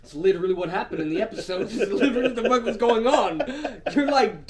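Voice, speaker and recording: A man co-hosting a podcast in crude casual chat, cursing and laughing often, swinging between loud and soft. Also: sits high, animated, quick pace, hardly any pauses, crowd noise. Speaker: podcast co-host.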